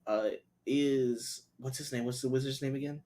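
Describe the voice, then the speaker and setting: Mid-pitched man playing a tabletop game. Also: steady tone, moderate pace, mellow. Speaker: player. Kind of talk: in-character tabletop play.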